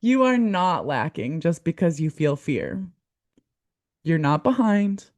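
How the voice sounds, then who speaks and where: Female podcast host, young adult, lowish voice, earnest and encouraging delivery. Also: big pitch swings, slow pace, a little mellow. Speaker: podcast host, community manager. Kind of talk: heartfelt podcast monologue.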